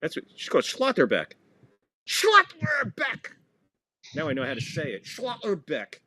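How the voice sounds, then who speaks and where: A man's voice: a little high, huge pitch swings, brisk, a bit bright, slightly rough, dry recording. A man hosting a podcast, giving casual live play-by-play of a football match, joking and playfully stumbling over foreign names. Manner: jokey, playfully mangles foreign words. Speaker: podcast host and commentator.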